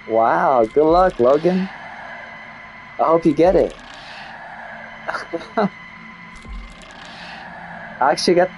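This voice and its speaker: A young man streaming a game live, chatting loosely with his audience. His voice sits slightly on the high side, and he laughs often as he drifts between English and Spanish. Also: darkish tone. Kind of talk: casual live gameplay chat.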